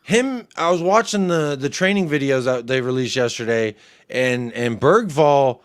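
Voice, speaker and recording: A man's voice: mid-range voice, a little slow, clean tone. An American man hosting a casual football fan show over a video call, playful and teasing. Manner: playful, teasing, jokey asides. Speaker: host.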